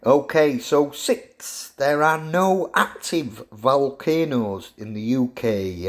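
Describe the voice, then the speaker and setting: Playful professor, unhurried. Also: male voice, mid-range voice. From England. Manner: jokey, animated, teasing. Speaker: university professor. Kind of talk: lecture to students.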